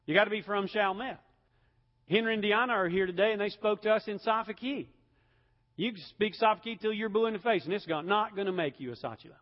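A man preaching a sermon as pastor, emphatic, swelling to loud peaks and dropping low again. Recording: dull sound with long hall reverb.

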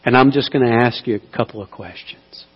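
A man preaching a sermon, moving between slow, hushed appeals and loud, pleading cries. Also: mid-range voice, slightly rough. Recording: dull sound with long hall reverb.

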